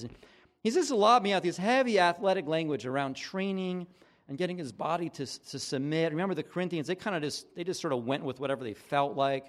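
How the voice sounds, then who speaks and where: A middle-aged man delivers a conversational sermon, his fairly high voice swinging widely up and down. He talks it through casually, acting out the dialogue in the stories he tells. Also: animated, brisk. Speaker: pastor.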